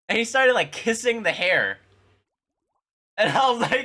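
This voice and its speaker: A man's voice: sits high, normal speed. A young man streaming, casually telling his chat childhood stories in a slangy, laughing way. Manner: animated, laughing, slangy storytelling with many restarts.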